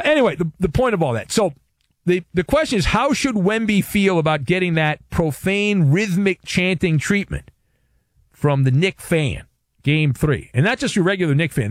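A man's voice: fairly high pitch, no echo, studio quality. A man hosting a sports talk radio show, delivering a playful, wisecracking monologue.

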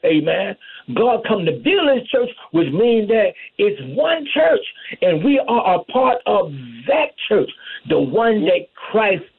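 High-pitched gravelly preacher on tinny radio. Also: male voice, big pitch swings, slow. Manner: call-and-response preaching, repeats amen and hallelujah. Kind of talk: fervent sermon. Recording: tinny phone-line radio broadcast.

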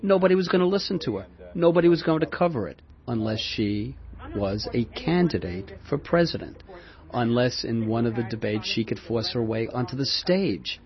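An older man, a former campaign staffer, recalling the past in an animated interview. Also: mid-range voice, normal speed, highs cut off. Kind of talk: interview recollection.

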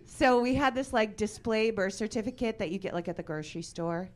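Stand-up comic, woman in her forties, dry deadpan, bursts loud, mid pitch, faint room noise. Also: fairly quick. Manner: deadpan delivery with sudden loud outbursts. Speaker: stand-up comedian. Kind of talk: stand-up comedy set. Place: comedy club stage with audience.

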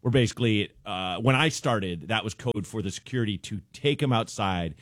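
Man, comedian guest, lively storyteller, dry studio sound. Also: on the low side, moderate pace, no room sound. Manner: animated, laughing storyteller. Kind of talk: storytelling on a radio show.

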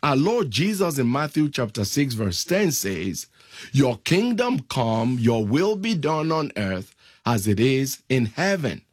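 Slow, husky-voiced male preacher. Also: mid-range voice, very animated, no echo, clean studio sound. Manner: slow, deliberate, reads scripture aloud. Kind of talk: sermon.

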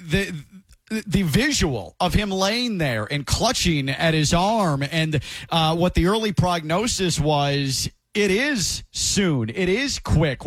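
High-voiced sports-talk co-host man. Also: fairly bright tone, dry recording.

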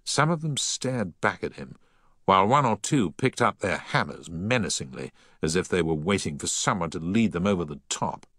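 A man reading a story aloud in the first person, with a deep but bright, forward tone. His pitch moves expressively through the sentences, recorded close and dry. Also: expressive, normal speed, dry recording. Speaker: narrator. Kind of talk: audiobook narration.

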